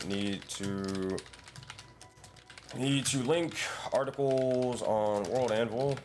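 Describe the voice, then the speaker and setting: A man leading a community project, chatting casually in an online meeting and thinking aloud with lots of fillers. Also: lowish voice. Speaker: community project lead and dungeon master. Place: online voice call.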